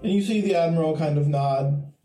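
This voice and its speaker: A man's voice: a little high, a little fast, mellow, soft background music. A man narrating a tabletop game as game master, describing scenes in a laid-back way. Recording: echoey room.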